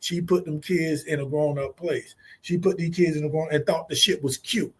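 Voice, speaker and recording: A man with a notably high, husky voice co-hosts a talk show. He speaks bluntly and swears freely. He tells his stories with animation. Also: normal speed. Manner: blunt, profane, animated storytelling. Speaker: co-host. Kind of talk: casual radio talk.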